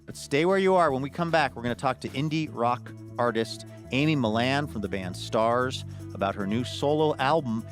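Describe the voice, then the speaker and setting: A man's voice: mid-range voice, animated, moderate pace, hardly any pauses, soft background music. A man hosting a radio show, introducing segments in an upbeat announcer style. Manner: upbeat, smooth announcer delivery.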